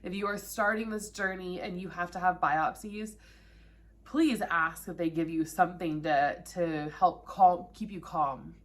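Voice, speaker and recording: A woman's voice: on the low side, fairly even intonation, unhurried. A woman in her thirties telling her own story to camera in a candid, conversational way that is often emotional. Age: 30s. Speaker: vlogger sharing her own cancer story.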